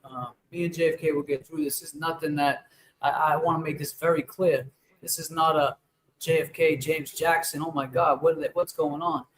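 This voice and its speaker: Brief: male stream host, a touch higher-pitched, blunt and swearing, rambles on. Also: level tone, normal speed, low-quality recording. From Boston. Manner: emphatic, profane, rambling. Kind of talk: casual livestream chat.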